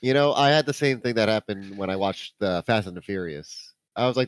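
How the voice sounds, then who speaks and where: A man's voice: on the low side, brisk, dry recording. A man co-hosting a movie podcast, casually riffing and tossing out jokes. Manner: joking, riffing with deadpan gags. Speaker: podcast co-host.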